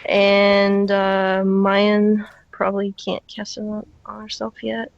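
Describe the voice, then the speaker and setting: A woman's voice: mid-range voice, completely flat delivery, takes it slowly, creaky, no room sound. A woman hosting a casual gaming podcast, chatty and laughing often, thinking aloud as she plays. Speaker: podcast host and group healer. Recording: dry, slightly dull voice-call audio.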